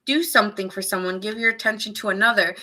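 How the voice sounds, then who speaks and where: A woman's voice: mid-range voice, steady tone, fast talker, bright, forceful tone. A woman giving a casual live tarot reading, chatting and reacting to viewers' comments and laughing often. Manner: laughs often, muses aloud. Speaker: tarot reader.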